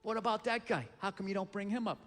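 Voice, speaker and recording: A man's voice: high voice, fast talker, fairly bright tone, long reverb tail, slight background noise, voice pushed down. A man voicing a pedantic male history buff who lectures and nitpicks.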